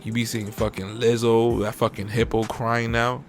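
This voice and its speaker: A young man, hosting a podcast in a profane, animated rant that jumps into mocking high-pitched impressions. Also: moderate pace, a little hiss or hum. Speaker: podcast host. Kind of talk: casual uncensored podcast rant.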